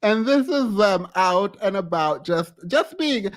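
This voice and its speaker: Male gossip vlogger: high, swooping voice, unhurried, giggly, keeps trailing off and restarting. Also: lively intonation. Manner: giggly, hesitant, often breaks off and restarts. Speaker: YouTube commentator. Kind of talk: casual celebrity gossip commentary.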